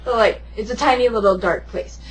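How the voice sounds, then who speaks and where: A woman's voice: a little high, a little fast, poor audio. A teenage girl telling a story in giggly casual chat, jumping in to finish her friend's sentences.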